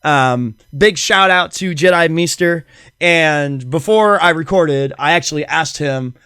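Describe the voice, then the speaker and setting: A middle-aged man hosting his podcast alone, rambling eagerly with plenty of ums and you-knows. His voice sits a bit high and sounds smooth and clear. The recording is dry and close, with no room sound. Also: a bit bright, dry recording. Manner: rambling, enthusiastic, hums tunes with many fillers. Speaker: podcast host. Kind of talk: casual solo podcast talk.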